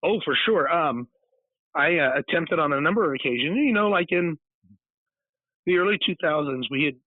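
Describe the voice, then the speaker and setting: A man's voice: fairly high pitch, animated, moderate pace, no room sound. A man from California, a guest author and paranormal investigator, telling a long rambling story in a casual interview. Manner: rambling, digressive storytelling with many restarts. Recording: tinny phone-like line, dry.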